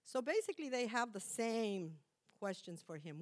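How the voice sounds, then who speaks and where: A woman's voice: on the high side, very animated, normal speed. A middle-aged woman preaching a conversational sermon, chatty and self-correcting, laughing at herself now and then.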